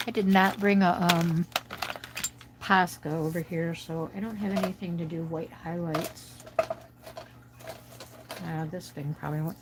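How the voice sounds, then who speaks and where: A woman's voice: on the low side, a little hiss or hum, low-quality recording. An American woman hosting a casual coloring livestream from home, chatting and rambling to viewers as she colors. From United States. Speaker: livestream host. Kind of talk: casual chat while coloring.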